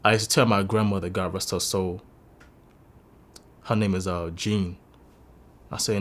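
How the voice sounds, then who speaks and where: A man in his twenties with a very low, deep voice, giving a candid personal testimony. He speaks earnestly and confessionally, and his voice carries a lot of emotion. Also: fairly even intonation, measured pace, pauses often. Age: 20s. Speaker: interviewee sharing a personal story.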